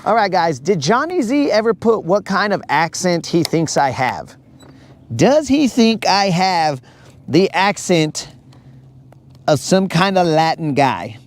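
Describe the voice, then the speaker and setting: A man hosts a live fishing stream, chatting loosely and joking with his viewers. His voice sits a little higher than most men's. He is out on a boat on a lake. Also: sing-song, slow pace. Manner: joking, bantering with chat. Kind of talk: casual live-stream chat.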